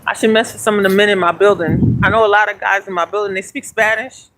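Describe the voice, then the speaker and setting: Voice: mid-range voice, steady tone, fast talker, a bit bright, low-quality recording. Rambling live streamer in their 40s, chatty and all over the place, walking outside with the phone, some faint hiss behind. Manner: chatty and meandering, talks while walking and exercising. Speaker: livestreamer. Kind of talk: rambling casual live chat. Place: outdoors, walking to a house.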